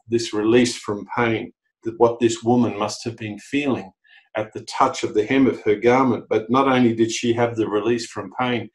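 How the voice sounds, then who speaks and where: A middle-aged Australian man preaching a sermon as a pastor, telling the story with animated emphasis and lifting his voice for quoted lines. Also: mid-range voice, rough recording.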